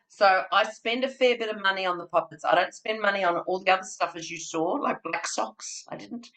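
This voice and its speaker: A woman presenting a childcare training webinar in an animated, theatrical, chatty way. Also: mid-range voice, moderate pace.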